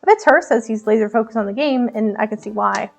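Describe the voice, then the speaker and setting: A woman's voice: a little high, quick pace, gravelly, soft background music. A woman streamer reading a visual novel aloud, giggling often and joking about her own reading. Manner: giggly, playful, self-mocking.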